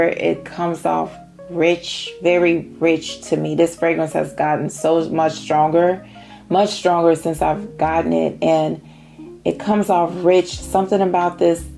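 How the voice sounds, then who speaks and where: A middle-aged woman from Indiana chatting casually about perfumes on her vlog, savoring each scent in drawn-out phrases. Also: lowish voice, gravelly, dark tone. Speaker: fragrance vlogger.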